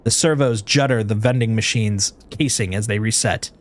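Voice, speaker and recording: A man's voice: lowish voice, moderate pace, slight background noise. A man streaming a story game, reading its narration aloud with expression and breaking off for playful asides.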